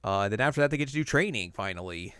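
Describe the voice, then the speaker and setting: Young guy podcast host, super lively up-and-down voice, dry close mic, does goofy high voices for characters. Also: racing, smooth, no room sound. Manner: animated, acts out characters in high silly voices. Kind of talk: casual episode recap.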